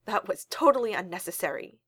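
A woman's voice: mid-range voice, expressive, fairly quick, a bit bright, husky, no room sound. A woman voicing a loving, protective father in a storybook reading, speaking earnestly. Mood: emotional. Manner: earnest and emphatic.

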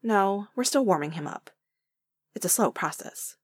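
A woman voicing a careful, reserved male government agent who speaks quietly and evenly. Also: medium pitch, expressive, normal speed, slightly rough, dry recording. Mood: measured.

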